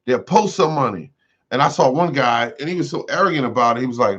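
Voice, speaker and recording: A man's voice: medium pitch, animated, quick pace, a bit bright. A man hosting a casual gardening livestream, rambling and repeating himself with many fillers. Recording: dull lo-fi sound.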